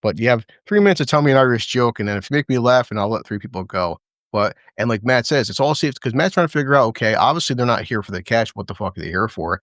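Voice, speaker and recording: A man's voice: mid-range voice, fast talker, no room sound, clean studio sound. A man hosting a casual chat about a TV episode, retelling scenes and quoting lines with laughs. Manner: animated retelling with quoted voices and laughs. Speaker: podcast host. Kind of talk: casual show recap chat.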